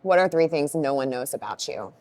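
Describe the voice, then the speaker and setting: A woman's voice: low voice, lively intonation, a little fast, darkish tone. A woman interviewer asking questions and encouraging her guest with short affirmations.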